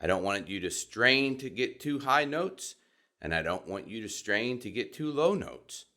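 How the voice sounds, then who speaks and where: A middle-aged man with a Southern US accent, teaching voice technique in a calm, measured, deliberate way. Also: lowish voice. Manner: calm, measured and deliberate, demonstrating vocal examples. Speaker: voice coach. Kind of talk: instructional talk.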